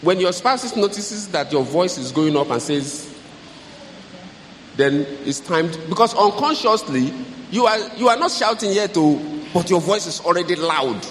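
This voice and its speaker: A man's voice: sits high, lively intonation, normal speed. A man giving earnest, exhorting advice to parents in a preaching style. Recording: hall reverb, faint noise.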